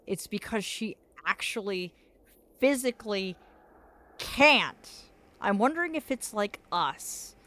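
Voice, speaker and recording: A woman's voice: medium pitch, expressive, slow, a bit bright. A woman streaming a game live, chatting playfully and reading game lines aloud as she plays. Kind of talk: live gameplay commentary. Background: game music.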